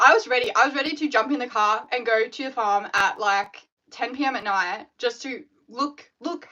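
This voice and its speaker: A woman, chatting on her live stream in an animated, rambling way full of fillers. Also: high voice, muffled recording. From Australia. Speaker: scrunchie maker hosting a live stream. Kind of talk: casual live-stream chat.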